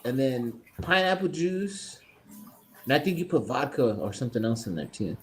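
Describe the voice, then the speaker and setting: A man's voice: mid-range voice, moderate pace, a little hiss or hum. Profane storytelling man on a podcast. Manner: profane, animated anecdotes with acted-out quotes. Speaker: podcast co-host. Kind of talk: casual storytelling chat.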